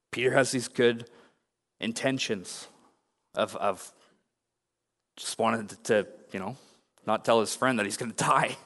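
A man's voice: medium pitch, a little slow, pauses often, a bit bright. A young man delivers a sermon from the pulpit, earnest and openly confessional in tone. His mid-range voice rings out with a long hall reverb, as if in a large church sanctuary. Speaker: pastor.

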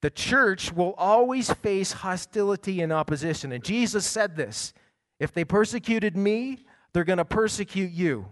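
A man's voice: high voice, expressive, moderate pace. Middle-aged man preaching a storytelling sermon. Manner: storytelling, swings from quiet asides to loud bursts. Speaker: pastor.

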